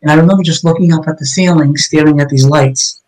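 A man's voice: on the high side, steady tone, fast, darkish tone, rough recording. A man, a police officer, telling his own story in a conversation, blunt and emphatic with heavy cursing.

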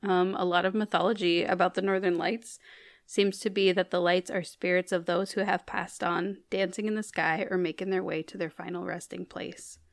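A woman co-hosting a casual podcast, her fairly low voice carrying a gravelly edge. She giggles often and reads out folklore facts between the chat. The sound is close and dry. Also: steady tone, normal speed, dry recording. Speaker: podcast co-host.

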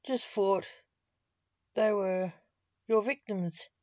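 A woman reading as a male magician's assistant at a morgue, in a slow storybook reading. She keeps her own plain voice for him. The sound is dry and lo-fi. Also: mid-range voice, warm tone, no echo.

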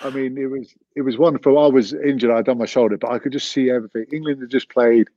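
A former rugby player chatting on a podcast, telling stories in a brisk, chatty way. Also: male voice, mid-range voice, fairly even intonation, dark tone, dry recording, lo-fi sound. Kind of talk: casual chat.

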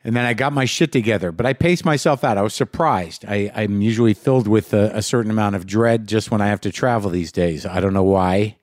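A man's voice: fairly low pitch, no echo, clean studio sound. Rambling, profane man hosting a podcast. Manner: rambling, rapid-fire questions, profane. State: punchy and short on sleep. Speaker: podcast host. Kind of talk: casual monologue.

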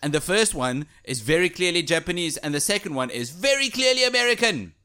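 A man co-hosting a casual chat about a video game, animated and quick to act out little voices. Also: high-pitched, a little hiss or hum. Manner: animated, does little voice impressions. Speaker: podcast co-host.

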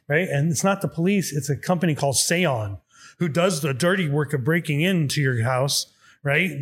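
A man spins a story in casual conversation, his voice sitting a little high. He swears constantly and plays out each side of the exchange himself. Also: normal speed, breathy edge. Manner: profane, animated, acts out dialogue. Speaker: guest telling a story.

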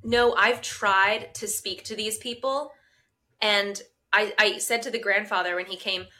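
A woman with a bright, clear voice chats casually as a podcast co-host. She tells her story with animated indignation, her pitch sitting in an ordinary middle range. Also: measured pace.

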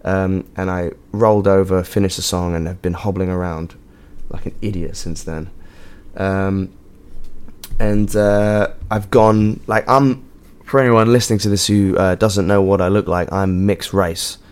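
An Englishman who is a podcast host and touring musician delivers a casual monologue on his own show from a hotel room. He rambles and jokes, swearing a lot and using plenty of fillers. His voice is deep, steady, unhurried, and clean in tone.

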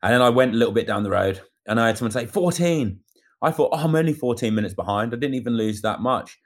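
Fast-talking man telling a story. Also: medium pitch. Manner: animated storyteller acting out quotes. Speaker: amateur cyclist recounting a race. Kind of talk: casual chat.

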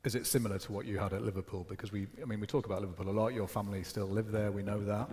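A man's voice: lowish voice, steady tone, racing, a little mellow. A man on a live panel asking a long question with restarts. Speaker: journalist panelist.

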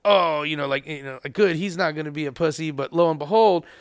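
A man's voice: a little high, fast talker, clear, resonant tone, no room sound, studio quality. A man in a casual podcast chat, swearing and stumbling over restarts as he asks questions. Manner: profane, stammering restarts when asking questions.

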